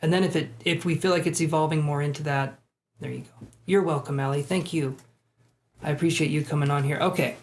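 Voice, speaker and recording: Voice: medium pitch, fairly even intonation, a little fast. A tarot reader giving live-stream readings in a casual, chatty way, with self-deprecating asides.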